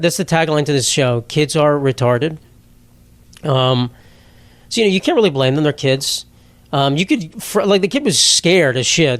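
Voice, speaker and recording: A man's voice: fairly high pitch, dry recording. A young man hosting a solo comedy podcast, rambling and sarcastic, swearing freely and laughing at his own jokes. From New York.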